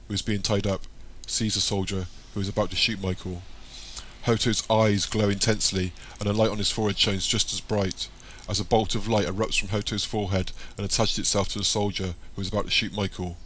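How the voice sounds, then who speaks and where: A man narrates an audiobook in a steady, descriptive read. His voice is on the low side yet bright and forward. A faint hiss sits under the recording.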